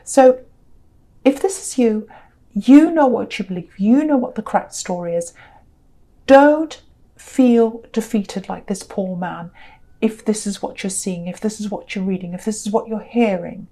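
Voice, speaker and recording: A woman's voice: mid-range voice, unhurried, dark tone. A woman giving a tarot reading, earnest and direct, repeating herself for emphasis. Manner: gives direct advice. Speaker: tarot reader.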